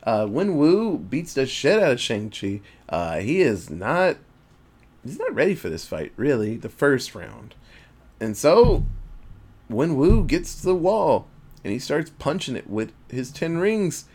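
A man's voice: mid-range voice, measured pace. A man on a podcast casually recapping a movie, cursing freely and acting out the characters' lines. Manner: animated, profane storytelling with acted-out voices. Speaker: podcast co-host.

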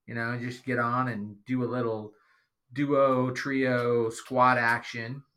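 A middle-aged man talking casually, often pausing and restarting his sentences. His tone is bright and forward, and he slips in dry, sarcastic asides. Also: mid-range voice, little pitch movement. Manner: rambling, hesitant, dry sarcasm. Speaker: podcast guest, father. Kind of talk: casual chat.

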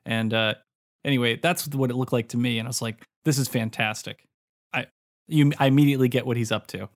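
A man co-hosting a podcast, talking in a quick, wry, joking way. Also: medium pitch, fairly even intonation. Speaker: podcast co-host. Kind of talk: casual chat.

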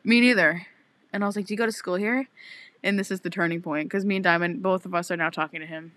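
Young woman podcast cohost, dry close sound, tells stories all animated, swears a lot, does the voices. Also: fairly low pitch, fast talker, no room sound. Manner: animated storytelling with lots of swearing and acted-out quotes. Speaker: podcast co-host. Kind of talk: casual chat.

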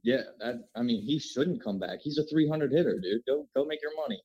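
A male podcast co-host talking in loose, joking banter. His pitch swings widely as he rants about his losses and teases the others. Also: brisk, breathy edge, muffled recording. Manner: animated, ranting, joking.

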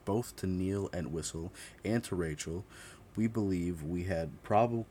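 Deep-voiced man narrating true crime, blunt and profane. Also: measured pace, warm tone, a little hiss or hum. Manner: reads steadily, breaks off into profane, blunt asides; corrects his own slips mid-sentence.

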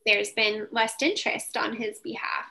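Woman, podcast co-host, casual storytelling, rambling with fillers, bright tone, slightly high pitch. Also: little pitch movement, moderate pace, vocal fry. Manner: rambling, full of "like" and "um". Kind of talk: casual chat, personal storytelling.

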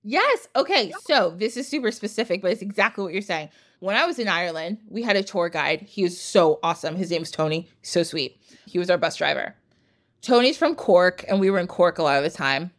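A woman's voice: fairly low pitch, lively intonation, fairly quick. A woman hosting a podcast, chatting casually and enthusiastically with many tangents. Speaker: podcast host.

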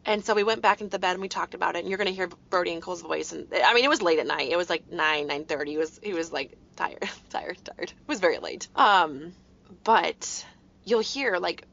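A woman's voice: lowish voice, fairly quick, gravelly, a bit bright, highs cut off. A woman in her thirties hosting a podcast, telling a personal story in an earnest, heartfelt way and talking straight to her listeners. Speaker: podcast host.

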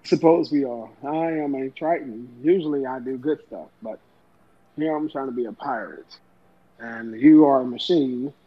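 A man's voice: mid-range voice, moderate pace, close to an everyday voice. A man voicing a Triton sea-dweller turned pirate captain, speaking in a dry, matter-of-fact way during a tabletop game. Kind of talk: tabletop role-play voice. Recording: dull lo-fi mic.

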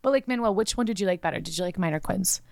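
A woman's voice: lowish voice, animated, very fast, darkish tone, dry recording. A woman from the United States, co-hosting a podcast, telling a story in a playful, jokey way. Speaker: podcast co-host. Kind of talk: casual chat and storytelling.

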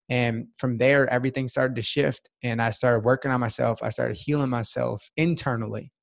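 A man's voice: mid-range voice, fairly even intonation, moderate pace, gravelly, few pauses. Earnest man telling his story. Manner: earnest, heartfelt storytelling with many "like" fillers. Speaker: podcast guest. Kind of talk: personal life story in a casual interview.

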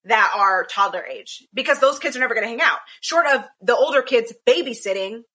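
A woman's voice: a little high, lively intonation, fairly quick, pushed and bright, husky. A woman co-hosting a casual chat over a call, rambling with many restarts. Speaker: podcast co-host. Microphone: video call.

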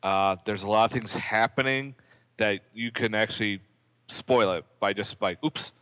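A man's voice: fairly low pitch, moderate pace, fairly bright tone, no room sound, big-room sound, rough recording. A man co-hosting a podcast, chatting casually about a movie, agreeable and laughing, quoting scenes. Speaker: podcast co-host. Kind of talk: casual movie review chat.

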